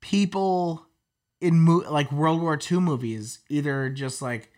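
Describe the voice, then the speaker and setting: A man's voice: fairly high pitch, slow, darkish tone. Rambling, swearing man in casual chat. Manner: rambling, profane, lots of fillers. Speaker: podcast co-host.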